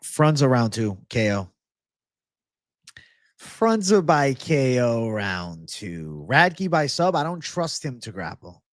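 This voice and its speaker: A man hosts a live stream of MMA betting picks, talking to his chat in an unhurried drawl. He is frustrated, swears often and keeps circling back to his complaints. The sound is dry and close, with no room echo. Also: medium pitch, sing-song. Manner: frustrated, profane, ranting to chat. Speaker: MMA betting show host.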